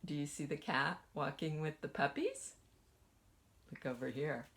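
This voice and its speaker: A woman kindergarten teacher gently reading a picture book aloud to children and asking them questions as she goes. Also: sits low. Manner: slow, lively sing-song storytelling.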